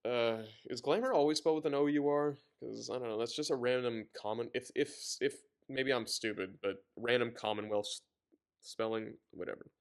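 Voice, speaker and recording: A man reads a novel aloud in a casual, unpolished way, often stopping to vent sarcastic commentary. He stumbles over words and rambles, sounding thoroughly exasperated. His voice sits at an ordinary middle pitch. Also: normal speed, gravelly, clean tone. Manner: exasperated, sarcastic asides between read passages. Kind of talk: casual book reading with commentary.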